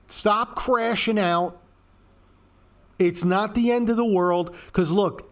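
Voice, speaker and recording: A man giving blunt, profane casual commentary on stock charts, ranting at panicked traders. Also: fairly bright tone. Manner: mocks panicked traders in a high squeaky voice. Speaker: market commentator.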